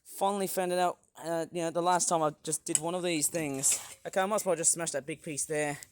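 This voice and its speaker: Excitable high-voiced man smashing toys. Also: brisk, very noisy. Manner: excitable, chatty, bursts into whoops and laughs. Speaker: toy reviewer. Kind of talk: casual toy-smashing vlog. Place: outdoors on a hot day.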